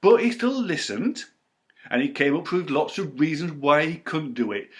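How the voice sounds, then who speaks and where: A man telling a Bible story to children at a church storytime, expressive and addressing the children directly. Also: fairly high pitch, normal speed.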